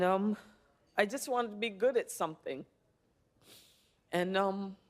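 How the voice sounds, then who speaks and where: A woman in her fifties answering reporters' questions in a press room, earnest and reflective, pausing often to think. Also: mid-range voice, darkish tone. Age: 50s. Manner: reflective, earnest, with thoughtful pauses and fillers. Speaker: award-winning actress answering press.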